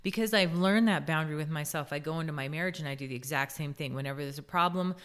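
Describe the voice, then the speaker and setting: A woman's voice: sits low, fast talker, a bit bright, smooth. A middle-aged woman co-hosting a podcast, talking earnestly and telling stories from her own family life. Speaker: podcast co-host. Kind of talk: casual podcast conversation.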